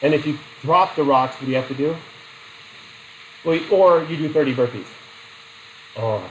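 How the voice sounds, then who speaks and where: A man's voice: a little high, normal speed, a little hiss or hum, rough recording. A middle-aged man teaching a psychology class in a chatty way, asking the students questions and telling personal stories. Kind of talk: classroom lecture.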